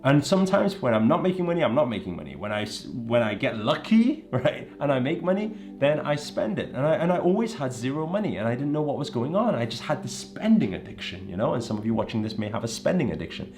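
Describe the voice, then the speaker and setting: A man's voice: medium pitch, sing-song, fast talker, few pauses, darkish tone, soft background music. A man from England giving an emphatic motivational talk to camera, often checking in with "right?" and "you know". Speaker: motivational speaker.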